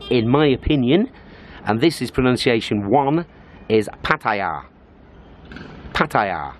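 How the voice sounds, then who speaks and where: A British man in a casual travel vlog talks straight to his camera. He explains things at an easy, chatty clip, often pausing on "uh", in an ordinary mid-range voice. Faint street noise sits behind him. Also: mid-range voice. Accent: British English. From Britain. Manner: chatty, explanatory, with frequent "uh" fillers. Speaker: travel vlogger. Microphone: handheld compact camera.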